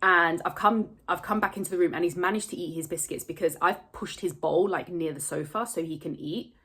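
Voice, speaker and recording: A woman speaks to camera in a somewhat low, husky voice, close to tears. She tells a personal story candidly and at length, with frequent swearing. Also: a little fast, a bit bright. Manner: candid, rambling, swears freely. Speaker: vlogger.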